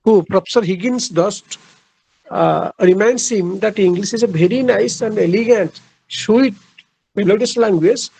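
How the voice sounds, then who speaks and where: High-pitched, gravelly male lecturer. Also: warm tone, poor audio. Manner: halting, repeats phrases, frequent uh fillers. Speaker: literature lecturer. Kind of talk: recorded literature lecture.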